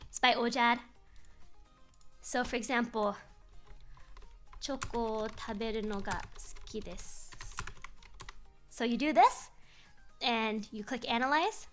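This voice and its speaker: A woman's voice: a little high, a bit bright. A chatty young woman streaming a casual chat, laughing often and switching between English and Japanese.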